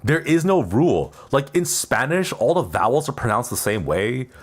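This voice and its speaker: A man's voice: mid-range voice, big pitch swings, moderate pace, husky. A man streaming casually, rambling in a playful way and laughing often; English is not his first language. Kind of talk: casual live-stream chat.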